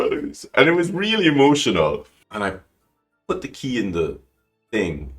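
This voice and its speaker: A man telling an emotional personal story as a podcast guest, animated and rambling, with frequent restarts. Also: normal speed, faint music behind. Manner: animated, acts out quoted lines with big pitch jumps. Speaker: guest calligrapher.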